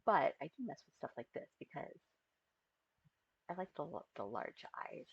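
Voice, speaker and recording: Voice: mid-range voice, very animated, moderate pace, vocal fry, breathy edge, no echo, highs cut off. A streamer chatting casually on a live stream while building an avatar, often muttering to themselves and trailing off mid-thought.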